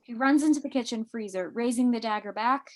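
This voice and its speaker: Woman reading stage directions, fairly high, brisk, amused; live script reading.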